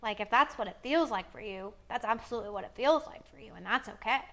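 A woman with a slightly high voice speaks in a casual podcast chat. She is supportive and emphatic, reassuring the others with steady warmth of phrasing. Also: quick pace.

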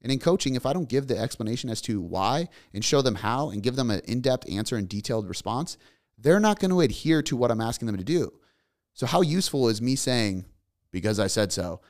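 A man's voice: medium pitch, big pitch swings, fairly quick, a little mellow. A man in his thirties hosting a solo motivational podcast, talking bluntly and emphatically in repeated lists, with casual swearing. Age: 30s. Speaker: podcast host.

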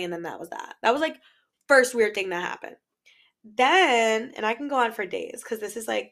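A woman in her twenties telling a casual storytime vlog, chatty and exasperated, acting out both sides of past arguments. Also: mid-range voice. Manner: chatty, exasperated, quotes herself and others in dialogue. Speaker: vlogger.

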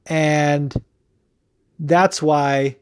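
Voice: medium pitch, fairly even intonation, drawn-out words, a little mellow, no room sound. A podcast host in a casual, profane opinion rant, rambling with lots of fillers. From United States.

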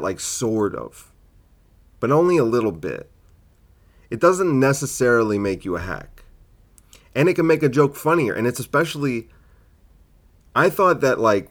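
A man hosting a casual solo comedy podcast, rambling and sidetracked, full of fillers and self-corrections. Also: medium pitch.

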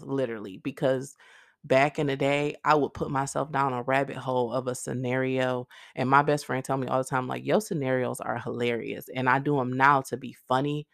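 A woman's voice: very deep voice, no room sound, studio quality. A woman hosting her own podcast, talking earnestly to her listeners in a rambling, casual way, full of "like" and "literally.". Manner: speaks directly to listeners. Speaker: podcast host. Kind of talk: casual faith-based monologue.

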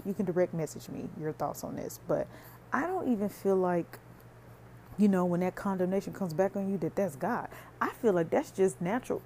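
A woman's voice: mid-range voice, dark tone, a little hiss or hum. A woman hosting a faith podcast, speaking earnestly and conversationally, preaching straight to her listeners. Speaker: podcast host.

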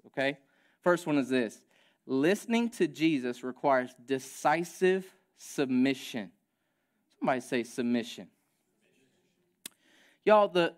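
A man preaching a sermon as pastor, in a conversational, animated way, acting out quotes and asking the congregation to respond. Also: on the high side.

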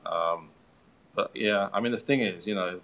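A man's voice: deep voice, normal speed, a bit bright, lo-fi sound. A man, an author, chatting casually and rambling with self-mocking jokes, many fillers and restarts. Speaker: author, guest. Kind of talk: casual chat.

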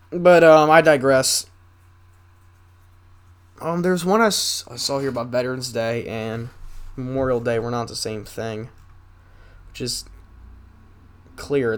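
A man's voice: medium pitch, fairly bright tone. Rambling young man reading the news. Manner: rambling, reads news aloud haltingly with asides. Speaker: podcast host. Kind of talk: solo casual news chat.

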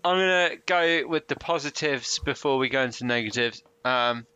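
A man co-hosting a casual wrestling chat, relaxed and quick to laugh. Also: medium pitch, smooth, highs cut off. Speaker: wrestling podcast co-host.

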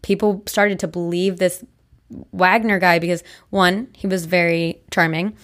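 Young female podcast co-host, lower voice, casual rambling storyteller. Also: level tone, unhurried, fairly bright tone. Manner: chatty, many likes and restarts.

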